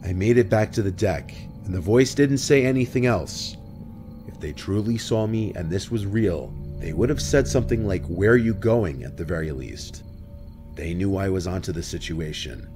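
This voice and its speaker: Deep, steady male narrator for creepy first-person stories, music bed underneath. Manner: calm, measured storytelling. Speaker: horror story narrator. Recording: narration over background music.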